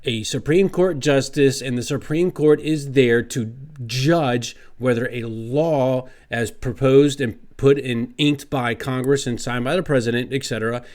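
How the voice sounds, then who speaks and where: Rich: A man talking straight to his viewers in a commentary vlog, his voice sitting at an everyday middle pitch. He rants with heavy sarcasm, pressing hard on his points and arguing them out one by one. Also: unhurried, a little mellow. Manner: sarcastic, ranting; emphatic, argumentative. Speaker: vlogger.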